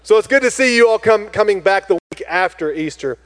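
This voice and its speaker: A pastor welcomes his congregation with upbeat energy, his voice sitting a touch higher than most men's. He makes announcements and introduces the guest speaker, and a long church echo trails each phrase. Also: expressive, a little fast, fairly bright tone. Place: church sanctuary. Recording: long hall reverb in a church.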